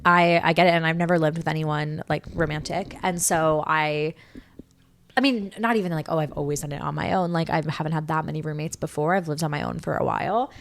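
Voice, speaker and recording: A woman's voice: low-pitched, steady tone, a little fast, a little hiss or hum. A young woman guest chatting casually as a supportive friend, often chiming in. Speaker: podcast guest, best friend. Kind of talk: casual chat.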